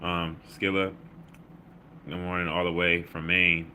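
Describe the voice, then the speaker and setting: Low, bright-voiced man. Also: flat delivery, a little slow, pauses often, clean tone. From Baltimore. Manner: loose, slangy, reads chat comments aloud with shout-outs. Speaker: livestream host. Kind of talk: casual livestream chat.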